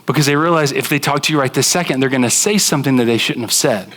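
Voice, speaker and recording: A young man preaching a conversational sermon to a church congregation, acting out quoted spouses in animated bursts. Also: medium pitch, fast talker. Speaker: pastor. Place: church sanctuary with live congregation.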